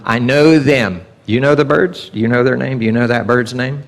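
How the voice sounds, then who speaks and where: A man's voice: medium pitch, fairly quick. Conversational male Bible teacher. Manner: conversational, acts out God's voice in quotes. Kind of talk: sermon teaching.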